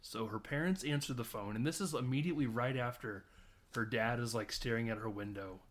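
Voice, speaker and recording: A man in easygoing podcast chat walks through a movie scene by scene. He talks at an ordinary, mid-range pitch, laughing often and dropping the odd swear word as he tells it. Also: fairly quick. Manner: lively storytelling, laughs often, swears casually. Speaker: podcast host. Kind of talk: casual movie recap chat.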